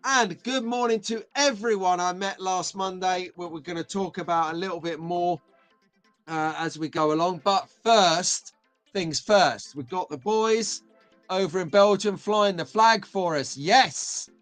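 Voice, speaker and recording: A middle-aged British man hosting a casual live stream, chatty and excitable, greeting viewers by name. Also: sits high, a little slow, faint music behind.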